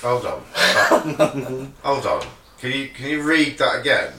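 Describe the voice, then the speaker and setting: A man with a bright, forceful voice that swings widely in pitch, swearing through a casual podcast chat with friends. He sits back from the mic in an echoey room. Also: slow, far from the mic, slight background noise. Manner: animated, swearing banter. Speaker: podcast co-host. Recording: roomy recording from off-mic.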